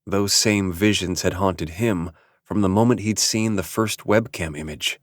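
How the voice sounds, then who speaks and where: A man narrates an audiobook in a measured, even storytelling manner. His voice sits low. The sound is close and dry. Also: no room sound. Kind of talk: scripted narration.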